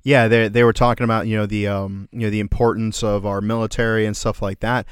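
Low-voiced, earnest cursing man. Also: little pitch movement, a little fast, clean tone, no room sound, studio quality. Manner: profane, earnest, filler-heavy. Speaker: podcast co-host. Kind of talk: casual ranting chat.

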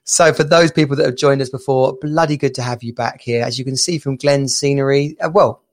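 A man's voice: medium pitch, fairly even intonation, a little fast. A man hosting a live podcast stream in a casual, rambling way, laughing easily as he talks over a video call. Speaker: podcast host.

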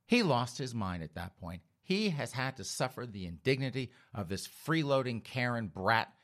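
A man's voice: mid-range voice, big pitch swings, normal speed, fairly bright tone. A man ranting through a mocking comic story, addressing his audience as folks. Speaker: comedian.

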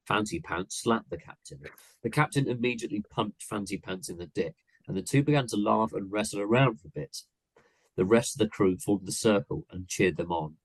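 A man's voice: lowish voice, moderate pace, no room sound, rough recording. A man, an English teacher, reading a comic story aloud. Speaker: English teacher grading stories.

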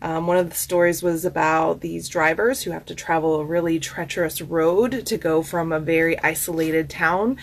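A woman with a Southern US accent, hosting a casual self-care podcast as a coach. She talks in a chatty, expressive way with many fillers and asides. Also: low voice, normal speed, creaky, few pauses. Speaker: host and life coach. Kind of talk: casual podcast monologue with card reading.

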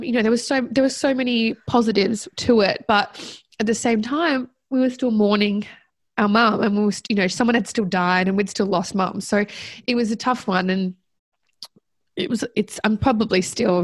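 Speaking in a mid-range voice, a female guest talks through something from her own life, pausing to reflect and often stumbling, restarting, and filling gaps. The recording carries no echo.

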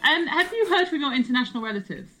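A woman's voice: high voice, sing-song, fast, over loud music, poor audio. A woman in her thirties co-hosting a casual podcast chat, with dry, self-mocking humour and a stuffy nose from hay fever. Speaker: podcast co-host. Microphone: video call.

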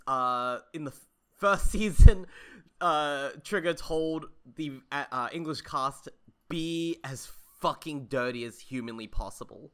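A woman who teaches school, co-hosting a podcast and telling stories in casual chat with quick put-on quotes. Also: very deep voice, clear, resonant tone. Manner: animated storytelling with playful put-on quotes.

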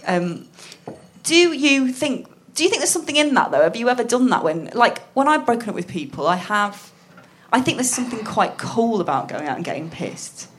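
A woman's voice: a little high, very animated, normal speed, slight background noise. Giggly woman in her thirties telling stories. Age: 30s. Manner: giggly storyteller, chatty. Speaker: podcast co-host. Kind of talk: casual chat.

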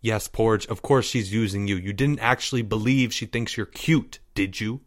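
A man's voice: on the low side, moderate pace, no room sound, clean studio sound, lightly acted. A man reading a story aloud, voicing a bossy fifth-grade boy who snaps orders. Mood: stern. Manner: snapping, stern, commanding.

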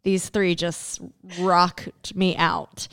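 Chatty woman with a smooth low voice. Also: drawn-out words, no echo. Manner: chatty, animated storytelling. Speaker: podcast co-host. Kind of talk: casual chat.

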